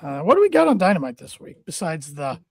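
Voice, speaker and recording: A man co-hosting a casual wrestling podcast, talking in a halting way and often repeating his words. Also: fairly high pitch, huge pitch swings, creaky, no room sound, studio quality. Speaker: podcast co-host.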